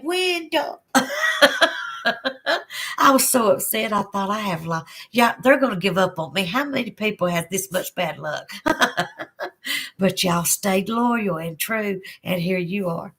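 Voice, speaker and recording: A woman's voice: medium pitch, fairly bright tone. A woman with a Southern US accent hosting a casual livestream, chatting with viewers and reading their comments aloud, drawling and giggly. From Southern United States. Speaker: livestream host.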